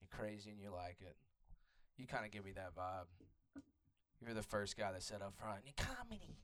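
His voice sits lowish, a bit bright, with fairly even intonation and a moderate pace. A young man from Atlanta, USA, he does profane, loose stand-up crowd work at a comedy club, bantering with the audience in a Southern Atlanta accent.

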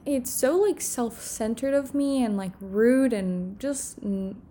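A woman's voice: on the high side, slow pace, mellow, slight background noise. A young woman, a content creator, talking alone in her room on the verge of tears, rambling with many fillers in an emotional confessional vlog. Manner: tearful, rambling, heavy on filler words. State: on the verge of crying.

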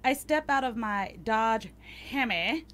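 A woman's voice: fairly high pitch, lively intonation, takes it slowly, fairly bright tone, a little hiss or hum. A woman hosting a casual chat, reading a date review aloud and teasing her cohost with crude jokes. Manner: teasing, profane, joking. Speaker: podcast host.

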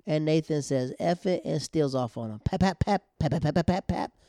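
A young man hosting a recap show, telling the story of an episode in a casual, slangy and animated way. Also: on the high side, a little fast, dry recording, clean studio sound. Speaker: podcast host recapping a TV episode.

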